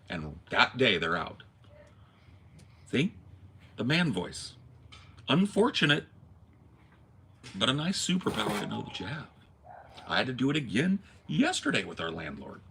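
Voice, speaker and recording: Gravelly-voiced man ranting casually. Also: mid-range voice, a little slow, long pauses. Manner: animated, ranting, acts out calls. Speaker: podcast host. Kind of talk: casual storytelling chat. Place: home.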